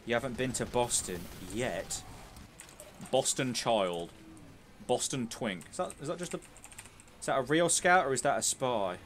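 A man's voice: medium pitch, animated, moderate pace, fairly bright tone, a little hiss or hum. A young man giving casual, sweary, joking commentary while streaming a game.

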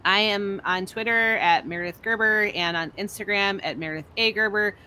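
A woman co-hosting a game stream, chatting casually and getting excited about puzzle games. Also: mid-range voice, moderate pace, clear, resonant tone. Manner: excitable, enthusiastic. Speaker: stream co-host. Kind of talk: casual chat.

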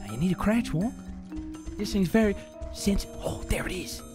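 A man voicing a crude male wildlife presenter, in a put-on Australian accent and a hushed documentary manner while playing a game. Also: sits high, lively intonation, moderate pace, music in the background, pitched below the performer's own voice.

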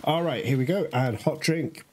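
Man, gameplay commentary, chatty, talks to viewers, slightly high voice, faint background hiss. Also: normal speed. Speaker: gamer playing through a game.

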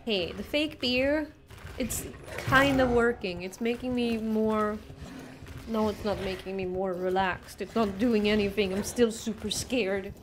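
A woman's voice: mid-range voice, unhurried, background noise. A young woman streaming a game, chatting casually with her viewers, asking them questions and laughing often. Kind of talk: casual live-stream chat while playing.

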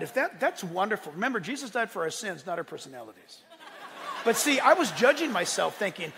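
A male pastor preaching a sermon, animated, swinging from loud exclaiming to quiet asides and laughing often. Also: sits high, fast, creaky, crowd noise. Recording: long hall reverb.

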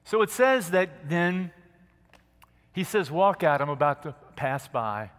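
Male pastor, sermon, bright ringing voice, earnest, gentle, long church reverb. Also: on the high side, animated, slow. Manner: earnest and gentle, drops to a soft hush for quiet moments. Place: church sanctuary.

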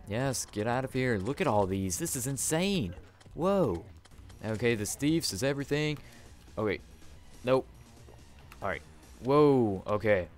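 Excitable young man commentating gameplay. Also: mid-range voice. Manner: excitable, talks to viewers, swings between hype and deflation. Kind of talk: let's play commentary.

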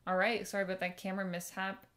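A woman's voice: medium pitch, little pitch movement, fast talker, a bit bright. A young woman co-hosting a podcast, chatting casually with lots of "like" fillers. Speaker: podcast co-host. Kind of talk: casual chat.

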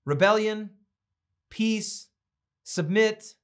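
A middle-aged male pastor with a fairly high voice teaches a Bible study. He preaches with conviction and then slips into a chatty, playful tone as he reads out viewers' comments. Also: extremely slow, clean tone.

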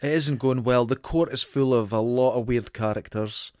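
A man co-hosting a podcast, retelling film scenes with slow, enthusiastic emphasis. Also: mid-range voice, a little mellow, dry recording, studio quality. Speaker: podcast co-host. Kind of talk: casual film chat.

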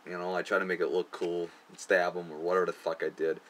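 A man's voice: low voice, level tone, fast. A young man casually looking back on his amateur film, crude and profane, often laughing at himself. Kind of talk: casual commentary.

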